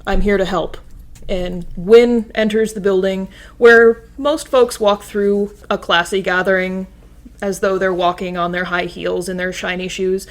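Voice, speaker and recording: A woman's voice: mid-range voice, fairly even intonation, unhurried. A woman playing a tabletop role-playing game, describing her character's actions in a playful, wry way. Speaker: player. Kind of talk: casual tabletop game play.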